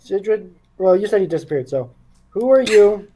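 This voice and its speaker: High-voiced, mellow player. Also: male voice, animated, moderate pace, a little hiss or hum, rough recording. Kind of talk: tabletop role-play.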